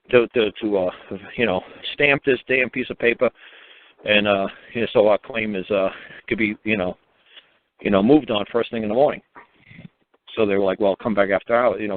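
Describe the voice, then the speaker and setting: A man telling stories in an emphatic, rambling way, swearing and acting out the people he quotes. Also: mid-range voice. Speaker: speaker on law and public officials. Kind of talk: casual talk, storytelling. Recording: phone-like narrow sound.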